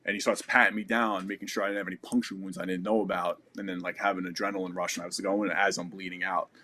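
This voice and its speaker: A man in his thirties with a lowish voice tells a story as a podcast guest. His talk is loose and casual, studded with "like," "you know" and some swearing. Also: level tone, fast, pushed and bright, a little hiss or hum.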